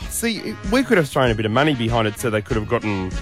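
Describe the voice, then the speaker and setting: A man's voice: medium pitch, very animated, fast, fairly bright tone, soft background music. A man with an Australian accent, co-hosting a breakfast radio show in casual banter, joking and teasing with mock-seriousness.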